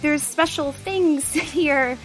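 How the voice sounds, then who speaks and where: A woman's voice: high-pitched, slow pace, soft background music, pitched above the performer's own voice. A woman voicing a shy young female mutant student, speaking in a hesitant, awkward way.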